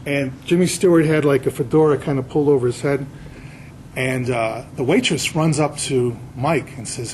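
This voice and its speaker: A man's voice: medium pitch, normal speed, slight background noise, poor audio. A man, an author, giving a casual slide lecture to an audience, telling anecdotes and quizzing the crowd. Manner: chatty storyteller, quizzing the audience.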